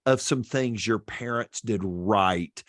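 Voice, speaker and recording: A man hosting a podcast interview, friendly and unhurried when he asks his questions. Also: on the low side, a bit bright, no room sound, studio quality. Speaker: podcast host.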